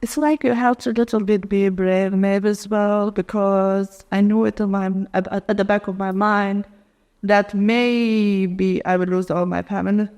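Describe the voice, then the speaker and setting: A woman in her thirties from Lithuania with a Lithuanian accent, telling her personal story in an interview with lively, non-native phrasing. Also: medium pitch, unhurried, clear, resonant tone. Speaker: interview guest. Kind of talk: emotional personal testimony.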